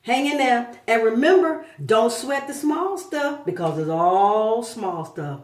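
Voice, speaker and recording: A woman's voice: a little high, animated, slow pace. A middle-aged woman giving an emphatic motivational talk, repeating her key phrases to drive them home. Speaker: vlogger giving life and business advice. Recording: echoey room, mic far off.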